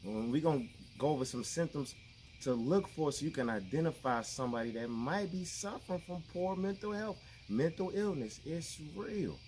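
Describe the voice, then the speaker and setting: A man with talking casually to his viewers at a middling pitch. He keeps circling back with "you know what I'm saying" and slips into quick acted-out voices. A faint ambient noise hums behind him. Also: a little mellow. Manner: conversational, repeats phrases, acts out quoted people. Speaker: vlogger. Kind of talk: casual talk to camera.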